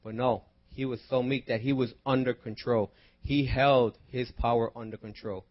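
A man preaching a sermon, moving from quiet teaching into loud, impassioned prayer and exhortation. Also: medium pitch, fairly even intonation, moderate pace, muffled recording. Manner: breaks into spoken prayer.

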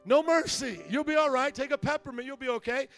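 A man imitating his blunt, no-nonsense mother, brisk and dismissive. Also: very high-pitched, a bit bright, soft background music, voice pushed up.

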